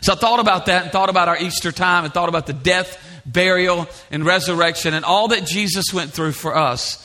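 A man's voice: high-pitched, a little fast. A middle-aged man preaching a sermon in a church, telling stories in a conversational way and asking the congregation questions. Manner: storytelling, animated and conversational, asks the congregation questions. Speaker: pastor.

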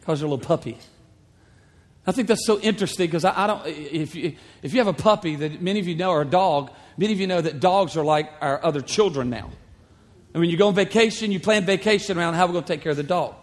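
A man preaching a sermon as a pastor, retelling the story in a conversational, animated way with humorous asides. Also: a little high, fast. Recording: long hall reverb.

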